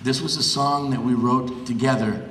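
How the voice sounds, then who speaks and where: A man's voice: medium pitch, steady tone, normal speed, fairly bright tone. A man, a songwriter, telling an emphatic, enthusiastic story in casual conversation. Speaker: songwriter and co-host. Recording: echoey hall from far off, faint crowd.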